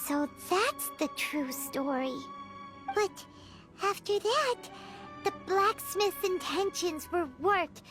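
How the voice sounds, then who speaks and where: A very high, squeaky voice belongs to a tiny fairy-like companion. She talks slowly and deliberately, eager and inquisitive. Soft music plays behind her in the game. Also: animated, heavily acted. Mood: curious. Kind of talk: game voice acting.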